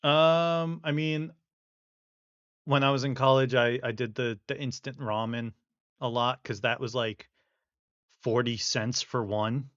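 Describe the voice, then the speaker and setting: A man's voice: mid-range voice, steady tone, measured pace, pauses often, a bit bright, no echo, lo-fi sound. A man in his thirties, co-hosting a podcast in casual chat, joking about himself and laughing often. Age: 30s. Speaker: podcast co-host.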